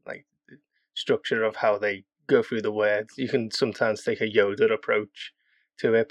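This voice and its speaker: A man chatting casually as a podcast guest, rambling and animated as he explains his game characters. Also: on the low side, gravelly. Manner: rambling, animated with quick voice demos. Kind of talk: casual chat.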